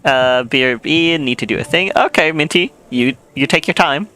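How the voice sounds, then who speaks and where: A man's voice: on the high side, moderate pace, bright, forceful tone. A man streaming a game, chatting casually with a giggly, rambling manner. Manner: chatty, giggly, many likes. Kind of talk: casual gameplay commentary.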